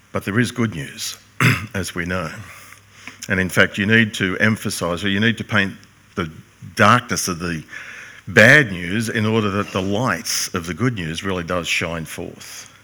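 A man's voice: sits low, measured pace, pushed and bright. An older man preaching a sermon, earnest and emphatic, posing rhetorical questions to his congregation. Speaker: pastor.

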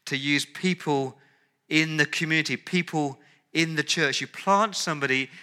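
A male pastor preaching an earnest sermon, dropping into soft, pleading tones when he voices prayers. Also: on the high side, moderate pace, smooth.

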